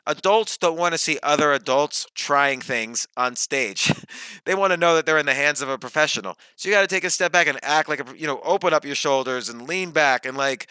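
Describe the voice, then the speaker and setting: A man who is a podcast guest and author, thinking out loud with examples and questions he puts to himself. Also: on the high side, fairly quick, clear, resonant tone, no room sound, rough recording. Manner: thoughtful, explains with examples and self-questions. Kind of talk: reflective podcast conversation.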